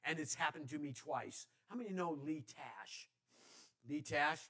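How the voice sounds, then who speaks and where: A man's voice: on the high side, animated, measured pace, pushed and bright. A male pastor telling a personal story in a conversational sermon, with many restarts. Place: church.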